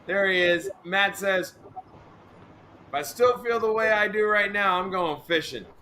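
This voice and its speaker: An easygoing man hosting a live stream, tossing in "man" and "you know" as he talks. His voice is bright and pitched a little high. A faint hiss sits behind him. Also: measured pace. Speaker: host. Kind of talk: joking live stream chat.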